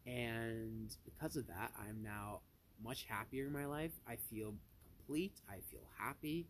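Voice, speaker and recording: A man's voice: medium pitch, measured pace, slight background noise. A young man at home, telling a heated, profane story to his viewers in a rambling, casual way. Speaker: vlogger.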